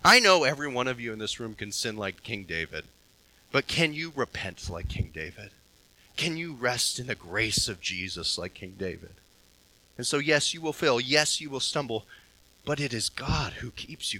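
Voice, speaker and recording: A man preaching a sermon to a congregation, emphatic, swinging between soft passages and loud ones. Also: mid-range voice, very animated, moderate pace, poor audio. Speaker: pastor. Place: church hall with a congregation.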